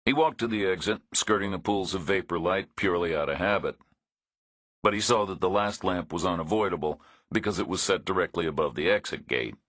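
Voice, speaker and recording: A man narrating a thriller audiobook in a measured, understated reading. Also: sits low, fairly bright tone, slightly rough, no room sound, studio quality.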